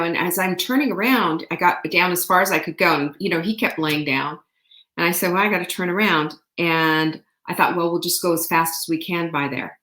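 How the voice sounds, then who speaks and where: Animated woman telling a story in an echoey room. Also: fairly low pitch. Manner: animated storytelling with laughs and acted-out quotes. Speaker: host. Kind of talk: casual motivational chat.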